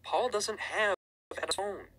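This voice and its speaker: A jittery young teen boy, as a man puts him on for a storybook reading, his voice pushed up high and tight. He sounds cautious and anxious, with a sharp, edgy tone. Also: a little slow, heavily acted, low-quality recording. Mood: worried. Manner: raised boyish pitch, nervous.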